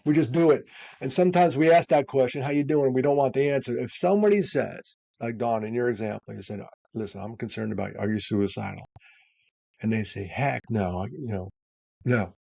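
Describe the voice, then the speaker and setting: A man's voice: medium pitch, brisk, creaky, no room sound. A man speaking as a podcast guest, giving earnest advice and acting out bits of dialogue as he talks. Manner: animated storyteller, acts out dialogue.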